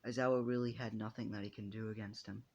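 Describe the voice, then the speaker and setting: Man, casual storyteller, rambling, restarts, husky voice. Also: on the low side, level tone, fast talker, darkish tone, dull audio. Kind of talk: improvised fan story narration.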